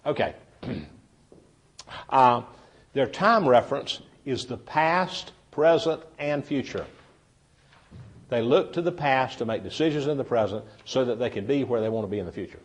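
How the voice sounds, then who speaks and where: A man's voice: mid-range voice, expressive, moderate pace, pauses often. Folksy man giving a seminar. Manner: folksy storyteller, chatty, addresses the audience directly. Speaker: seminar speaker. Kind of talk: humorous seminar talk to a live audience. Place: meeting room with a live audience.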